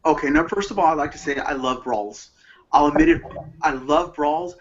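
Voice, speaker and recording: A man, a panelist on a call, telling stories with excited enthusiasm. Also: fairly high pitch, normal speed, muffled recording, a little hiss or hum. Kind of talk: casual panel talk over a call.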